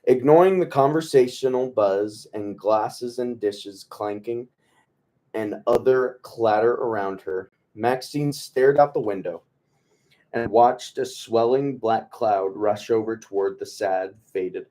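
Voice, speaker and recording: A man with a lowish voice reads a novel aloud to his book club at an easy pace. He trips over words now and then, backs up to reread, and breaks off for wry jokes. The tone stays loose and conversational. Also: measured pace. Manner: relaxed, stumbles and rereads, jokes aside. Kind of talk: casual read-aloud of a novel.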